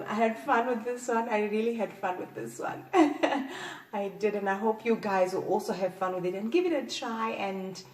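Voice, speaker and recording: A woman's voice: fairly high pitch, darkish tone, distant mic. Giggly woman talking sex tips, roomy echo. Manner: giggly, playful, breathy exclamations. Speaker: host. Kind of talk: casual sex-advice talk. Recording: echoey room, off-mic.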